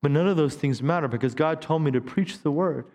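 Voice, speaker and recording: A man's voice: fairly high pitch, fairly quick, a little mellow, long reverb tail. A man in his fifties, a pastor preaching a sermon in a conversational way, with stammered restarts. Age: 50s. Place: church sanctuary.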